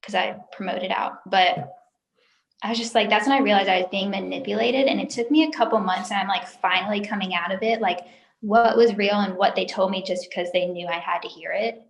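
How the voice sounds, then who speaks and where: A woman's voice: medium pitch, steady tone, a little fast, creaky, roomy sound, poor audio. A young woman telling her story as an interview guest, talkative and emotional, with many filler words. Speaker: interview guest, former sales recruiter. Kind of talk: candid personal story in an interview.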